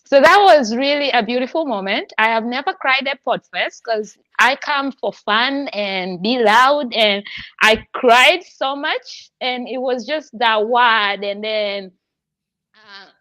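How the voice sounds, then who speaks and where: A woman's voice: on the high side, takes it slowly, a bit bright, dry recording. A woman hosting a podcast, talking in an effusive, heartfelt way and laughing often. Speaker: podcast host. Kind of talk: emotional casual chat.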